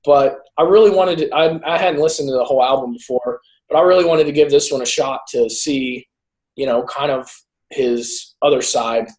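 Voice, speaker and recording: Speaking at moderate speed, a San Jose teacher co-hosts a podcast in a medium-pitched, slightly mellow voice. He rambles through stories in relaxed conversation and laughs a lot.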